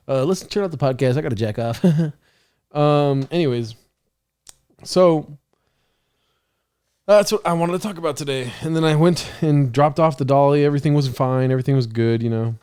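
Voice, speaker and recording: A young man talks loosely into a podcast mic, swearing freely and laughing his way through a story. His voice sits a little high for a man, and his delivery is casual and slangy. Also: moderate pace, a little mellow, clear, resonant tone. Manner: profane, joking, often laughing, slangy. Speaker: podcast host. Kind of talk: casual solo podcast monologue.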